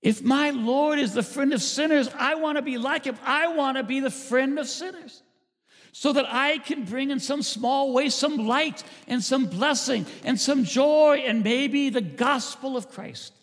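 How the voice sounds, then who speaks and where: A man, a pastor, preaching a sermon, swinging between loud emphasis and hushed asides. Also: extremely high pitch, unhurried. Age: older. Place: church sanctuary. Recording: church hall reverb.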